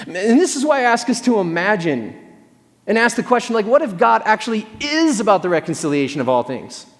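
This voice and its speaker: A man preaching a sermon in a church hall, telling stories in an animated, conversational way with self-deprecating humor. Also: high-pitched, a little fast. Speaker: pastor. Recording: long hall reverb.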